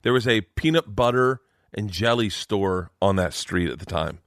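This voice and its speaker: A male comedian telling an animated, profane story in a podcast conversation. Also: on the low side, normal speed, no echo, studio quality. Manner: animated, swearing, acts out voices.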